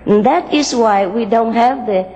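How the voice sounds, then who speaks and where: A woman telling a moral fable and giving a spiritual talk, gently and with frequent small laughs, in loosely built English. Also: on the high side, unhurried, long reverb tail, muffled recording. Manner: gentle, laughs often, unpolished English grammar.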